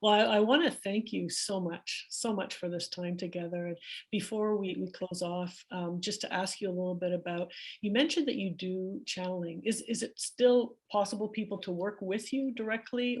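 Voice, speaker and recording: A woman's voice: medium pitch, steady tone, moderate pace. A woman hosting an interview in casual chat, laughing and affirming her guest. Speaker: interview host.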